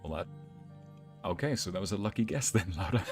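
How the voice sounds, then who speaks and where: A man's voice: deep voice, animated, a little fast, darkish tone, faint music behind. A man streaming live, chatting casually, greeting viewers by name and laughing easily, speaking into a desk microphone at home. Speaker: streamer and narrator. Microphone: desk microphone at home streaming setup.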